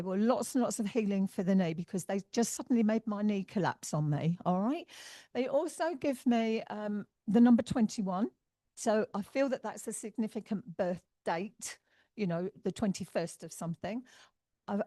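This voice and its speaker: A woman with an English accent, working as a spiritualist medium and giving messages from the platform, talking in a reassuring, halting way with sighs and fillers. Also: medium pitch, dark tone, dry recording, clean studio sound. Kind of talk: mediumship demonstration. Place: church hall.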